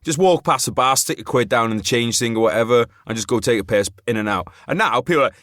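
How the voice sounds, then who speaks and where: A man hosting a podcast in loose, rambling chat, his pitch in a middle range. He fills his talk with "like" and swears freely. The recording is dry and close-miked. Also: expressive, fast talker, hardly any pauses, bright, forceful tone, dry recording. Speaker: podcast host. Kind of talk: casual chat.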